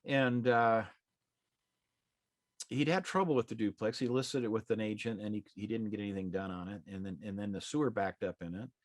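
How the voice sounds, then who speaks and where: A man's voice: fairly low pitch, brisk, no room sound, studio quality. Folksy middle-aged man telling a story. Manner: folksy, conversational, acts out quoted dialogue. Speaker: real estate exam prep instructor. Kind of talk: anecdotal storytelling in a live class.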